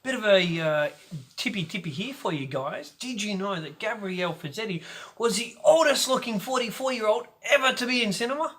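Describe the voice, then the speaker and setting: A man hosting a casual video film review, talking in an energetic, jokey and playful way. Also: sits high, a little fast. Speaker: host of a film review channel.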